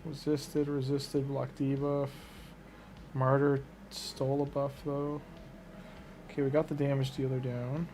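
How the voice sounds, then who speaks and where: A man's voice: mid-range voice, level tone, a little slow, long pauses, warm tone, slight background noise. A man giving casual gameplay commentary, muttering and thinking aloud as he reacts to a game. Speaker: gaming streamer.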